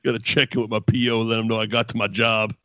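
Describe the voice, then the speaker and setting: A man's voice: fairly low pitch, level tone, fast, sharp tone, no room sound. A man co-hosting a podcast, recapping wrestling in casual, profane chat and laughing often. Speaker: podcast co-host.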